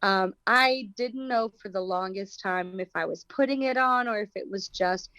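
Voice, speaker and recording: A woman's voice: medium pitch, normal speed, pushed and bright, dry recording, muffled recording. An actress with an American accent, talking thoughtfully in an interview and searching for her words. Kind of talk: casual interview talk.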